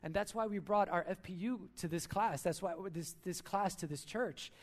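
Earnest high-voiced man preaching. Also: moderate pace. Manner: earnest, storytelling. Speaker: church speaker. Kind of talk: sermon.

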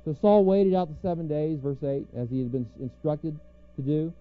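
A man's voice: a little high, moderate pace. A man preaching a conversational sermon, teaching verse by verse and asking rhetorical questions. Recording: tinny phone-like sound with faint music.

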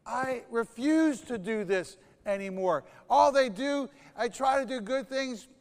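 Preacher doing a loud, fed-up prophet, high voice, reverb from a big hall. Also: male voice, unhurried. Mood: exasperated. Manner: loud, agitated complaining. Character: despairing, worn-out male prophet ready to quit.

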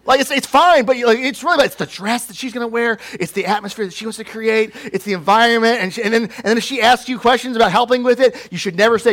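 High-voiced man preaching a lively sermon. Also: fairly quick. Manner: animated, jokey storytelling with playful put-on voices. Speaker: pastor.

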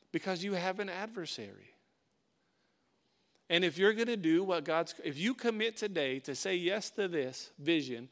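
A male pastor preaching a sermon, emphatic and direct, often repeating his phrases. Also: on the high side.

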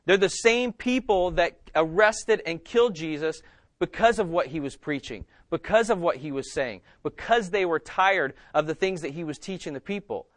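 Man, pastor, sermon, raised pitch, dry sound. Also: moderate pace, no room sound. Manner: animated, asks the congregation questions. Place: church.

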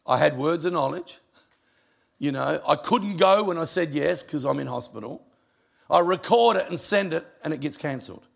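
A middle-aged pastor with a gravelly, fry-laden voice sitting a little high. He tells a sermon story with a comic touch, often sinking into quiet, emotional tones. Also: expressive, normal speed. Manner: gravelly voice, humorous, drops quiet for emotional moments.

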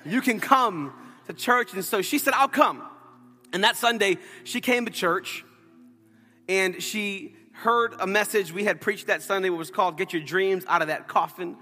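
Bright high-voiced pastor in an echoing hall. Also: male voice, normal speed. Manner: animated storytelling with playful asides. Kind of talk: sermon. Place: church sanctuary.

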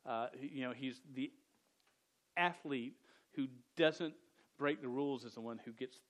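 A man's voice: medium pitch, unhurried, fairly bright tone. A man preaching a sermon with a stutter, often repeating words, speaking earnestly and directly to a young audience.

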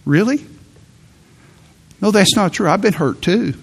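A middle-aged male pastor delivering a sermon. His voice sits a little high for a man. He speaks earnestly and stresses points with sudden lifts. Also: fairly quick, vocal fry, husky. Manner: earnest, emphatic preaching with sudden rises.

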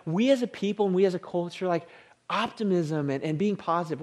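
A man preaching a sermon, animated, sinking into a hushed low voice on the holy words. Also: moderate pace. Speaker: pastor.

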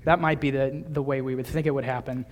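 A man in his twenties delivers a sermon at a medium pitch. He talks in an easygoing, chatty way, breaking off to restart phrases and slipping in small laughs. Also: fairly even intonation, fast, slight background noise. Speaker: pastor.

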